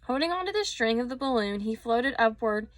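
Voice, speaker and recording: A woman reading a children's story aloud with expressive storytelling and a few small slips. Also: a little high, a little fast, no room sound.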